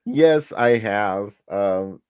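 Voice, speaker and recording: A man's voice: fairly low pitch, lively intonation, drawn-out words, a little mellow, smooth, no echo. A man hosting a casual chat, laughing often as he tells stories. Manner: chatty, laughs often, storytelling. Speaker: host.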